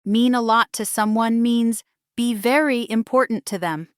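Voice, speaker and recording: Higher-voiced woman teaching English phrases. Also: clear, resonant tone, dry recording, clean studio sound. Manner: models phrases slowly for shadowing, repeating each twice. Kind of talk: scripted lesson narration.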